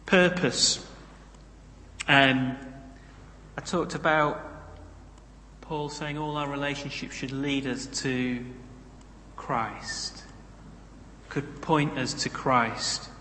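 A man's voice: medium pitch, steady tone, very slow, long pauses, pushed and bright, slight background noise. Man preaching in an echoey hall. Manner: conversational, with humorous asides. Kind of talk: sermon. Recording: echoey hall, roomy reverb.

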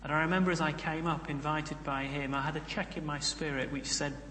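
A man's voice: on the high side, flat delivery, a little fast, few pauses, bright, forceful tone, slight background noise. A man preaching a sermon in a conversational way, with humorous asides. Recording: echoey hall, roomy reverb.

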